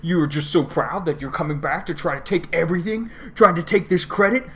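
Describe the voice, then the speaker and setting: A man voicing a boastful, arrogant male dragon tyrant, shouting grandly and adoring himself. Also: a little high, normal speed, a little hiss or hum, pitched above the performer's own voice, lightly acted. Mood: wounded fury.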